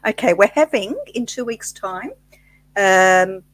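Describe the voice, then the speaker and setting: An Australian woman co-hosts a relaxed live-stream chat. She talks in a chatty, playful way and laughs often, and her voice sits at a mid pitch for a woman. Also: slow, low-quality recording. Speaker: co-host of weekly live stream.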